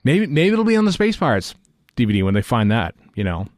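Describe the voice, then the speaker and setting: A man's voice: mid-range voice, very animated, quick pace, no echo, clean studio sound. A man co-hosting a fan podcast, chatting casually and rambling with lots of fillers and restarts. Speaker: podcast co-host. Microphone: studio podcast mic.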